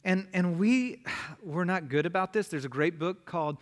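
A pastor preaching a sermon, listing points and then dropping to a quiet, emphatic voice. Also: male voice, high-pitched, moderate pace.

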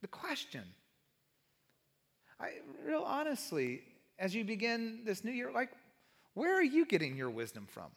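A pastor preaching a sermon in a conversational way, often asking the congregation questions. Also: male voice, extremely high pitch, huge pitch swings, unhurried, long pauses, fairly bright tone. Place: church sanctuary. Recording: long reverb of a large hall.

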